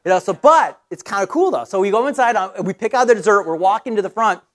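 In a sermon that feels like conversation, a middle-aged pastor relates his own story in a lively way, jumping back to restart phrases. His pitch sits high.

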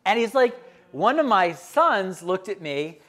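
Brief: middle-aged man, pastor, conversational sermon, lively up-and-down delivery. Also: high-pitched, measured pace. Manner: conversational, asks the congregation questions.

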